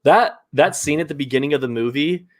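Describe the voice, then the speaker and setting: A man hosting a live movie ranking show in casual chat, enthusiastic and quick to laugh, with lots of fillers. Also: fairly high pitch.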